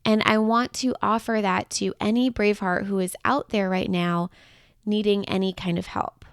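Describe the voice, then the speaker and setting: A woman hosting her own podcast as a breakup coach, gushing and affectionate, pouring warmth into every phrase. She talks in a chatty, upbeat way, with little laughs and restarts. Her voice sits at an ordinary middle pitch and sounds dry and close, with no room around it. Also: fairly even intonation, moderate pace, smooth, no echo. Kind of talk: solo podcast monologue.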